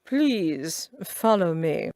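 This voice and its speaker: A woman reading an audiobook, voicing a formal male butler in a low, dry and clipped voice. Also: very animated, very slow, a little mellow, no echo, exaggerated voice. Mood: stiff.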